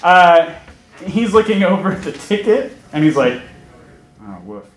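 A man's voice: sits high, expressive, unhurried. A young man telling a personal story onstage before an audience, chatty and self-mocking, laughing as he talks. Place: stage before a live audience. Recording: echoey room.

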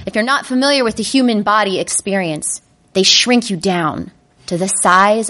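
A woman telling a comedic personal story to a live audience, animated and self-mocking. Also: mid-range voice, moderate pace. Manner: animated, self-mocking, breaks into panicked inner voices.

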